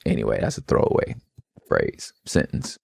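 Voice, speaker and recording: A man hosting a podcast, giving casual, expressive commentary in a conversational way. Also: normal speed, no room sound. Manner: expressive and conversational, slips into playful quoted voices. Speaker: podcast host.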